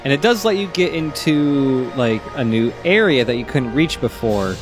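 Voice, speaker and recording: A man's voice: mid-range voice, animated, normal speed. A man giving casual, rambling commentary while playing a video game. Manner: chatty, rambling with many fillers. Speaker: let's play commentator. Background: game music.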